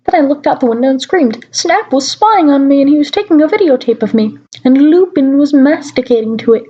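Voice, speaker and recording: A woman's voice: sits high, animated, fairly quick, dark tone, dull audio. A woman giving a mock-dramatic reading aloud, stopping now and then for wry asides, recorded at home on a laptop mic. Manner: mock-dramatic, breaks off to comment wryly. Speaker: reader.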